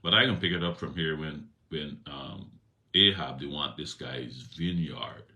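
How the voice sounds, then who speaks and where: A man's voice: a bass voice, measured pace, pushed and bright. A man giving a casual Bible teaching, reading a passage and retelling it in everyday slang. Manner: conversational, retells scripture in slang. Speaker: preacher.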